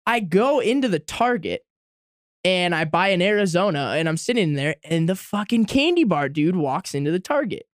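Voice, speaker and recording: A man's voice: high-pitched, big pitch swings, moderate pace, no room sound, studio quality. A young man casually telling a long, profane anecdote to friends on a podcast. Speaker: podcast guest storyteller. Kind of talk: casual storytelling among friends.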